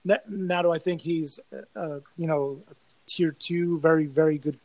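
A man's voice: on the high side, moderate pace, dry recording, rough recording. A man hosting a casual sports podcast, swearing freely and telling stories with animation. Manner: profane, animated storytelling. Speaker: podcast host.

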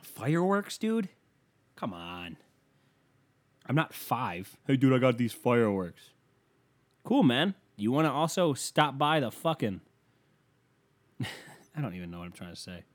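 A man's voice: mid-range voice, measured pace, long pauses. Rambling, swearing male comic. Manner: rambling, profane, lively. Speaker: comedian. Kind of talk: profane stand-up rant.

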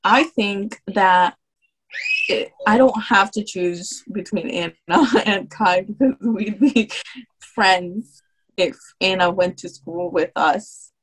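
A woman's voice: mid-range voice, slightly rough, rough recording. Teen girl, casual podcast chat, earnest, questioning. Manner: earnest, questioning, quick to protest. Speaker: podcast co-host. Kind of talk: casual chat among friends.

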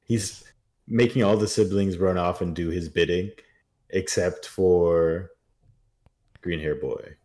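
Male co-host, very low pitch, deadpan wisecracks in a casual recap. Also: takes it slowly. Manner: wry joking asides. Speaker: podcast co-host.

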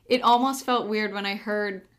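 A woman's voice: mid-range voice, fairly even intonation, normal speed, a bit bright. Chatty young woman podcast host. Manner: chatty, tells her own stories, laughs easily. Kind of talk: casual chat.

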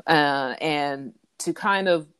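Low-voiced woman recapping casually. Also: takes it slowly, smooth, no room sound. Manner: relaxed, with many fillers and recaps. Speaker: podcast co-host recapping a TV episode. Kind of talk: casual chat.

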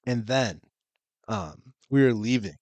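A young man in casual podcast chat, telling a story and acting out the people in it, swearing freely. His voice sits at a middle pitch. The sound is dry and close. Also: a little slow, a little mellow, no echo. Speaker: podcast co-host.

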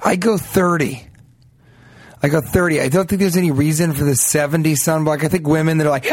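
A man trades jokey banter as a podcast guest. His voice sits a bit high and sounds dry and close. He keeps things playful and drops into silly voices for laughs. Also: steady tone, a little fast, dry recording. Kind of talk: casual comedic banter.

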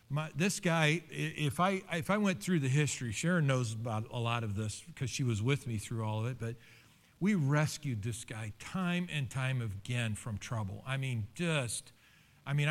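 A middle-aged man, a pastor, preaching a sermon with animated rises in pitch and telling stories from his own past. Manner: animated preaching with pitch leaps and personal storytelling.

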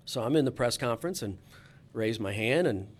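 A man's voice: mid-range voice, lively intonation, moderate pace. A man, a sports reporter, telling a casual anecdote in a chatty, easygoing way with frequent restarts.

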